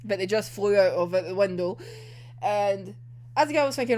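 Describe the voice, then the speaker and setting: A woman giving an emotional, excitable casual recap of a manga volume, swearing and acting out characters' lines. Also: mid-range voice. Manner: emotional, swearing, laughing and groaning over the story; acts out characters' lines in quick quoted asides. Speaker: manga reviewer.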